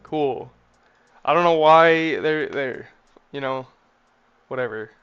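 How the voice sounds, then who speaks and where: A man's voice: fairly high pitch, takes it slowly, a bit bright, smooth, highs cut off. A man chatting casually to his live-stream chat while coding a game, a little defensive. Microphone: desk mic, input gain changed. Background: faint music, room fan.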